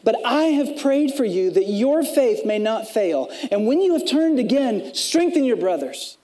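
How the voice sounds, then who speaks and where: Pastor guy preaching, super animated, voice jumps all over, plays out the quotes. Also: very high voice, measured pace. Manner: repeats words when building a point. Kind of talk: sermon.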